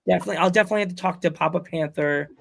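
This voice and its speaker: Gravelly rambling man hosting a podcast. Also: high voice, rapid-fire, a little hiss or hum. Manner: rambling, jokey storytelling. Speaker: podcast host. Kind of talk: casual chat.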